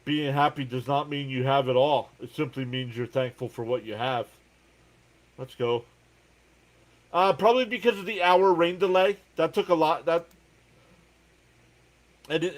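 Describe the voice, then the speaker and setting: A man with a New Jersey accent hosts a live baseball reaction stream. He calls each pitch and the count in a casual, chatty way. Between plays he reads out viewers' messages and answers them. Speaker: live sports reaction host. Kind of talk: live baseball play-by-play and chat.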